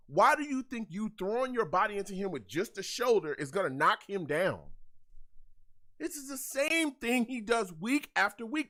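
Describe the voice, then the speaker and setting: Young guy ranting live over a football game, voice jumps all over, kinda high, keeps repeating himself. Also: sing-song, normal speed, sharp tone. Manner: reads out chat comments. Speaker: fan show host. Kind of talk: live game reaction commentary.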